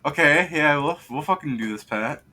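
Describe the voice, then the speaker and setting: A man's voice: fairly high pitch, moderate pace, bright, forceful tone. A man running a tabletop game as game master, dry and teasing, stopping to ask his players questions.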